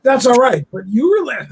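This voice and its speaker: A man's voice: very high voice, fairly bright tone, slightly rough. A man hosting a casual talk show who teases his guest playfully. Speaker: host.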